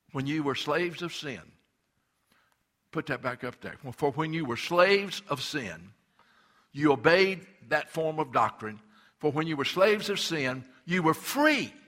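An older man preaching a sermon with fervent emphasis, stammering on restarts and slowing down to press a point. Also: on the high side, pushed and bright. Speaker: pastor.

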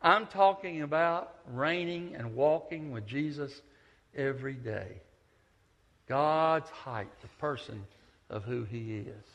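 A man preaching a sermon, telling stories with big swings from loud to hushed. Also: medium pitch, lively intonation, takes it slowly. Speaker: pastor, visiting preacher. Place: church sanctuary. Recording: echoey church hall.

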